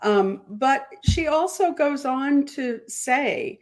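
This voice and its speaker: A woman attorney giving measured legal commentary on a podcast, explaining with analogies and stumbling through restarts. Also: high-pitched, lively intonation. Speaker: attorney guest.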